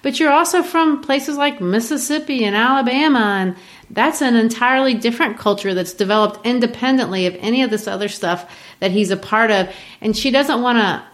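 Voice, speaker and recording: A woman discussing a classic play in a relaxed lesson, explaining with thoughtful pauses and fillers. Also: fairly high pitch. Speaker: literature teacher. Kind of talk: discussing and reading a play aloud.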